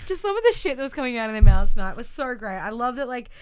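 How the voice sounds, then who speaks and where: A woman's voice: on the high side, sing-song, fast, smooth. A woman co-hosting a podcast, recapping events in casual chat and acting out quotes in exaggerated voices. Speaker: podcast co-host.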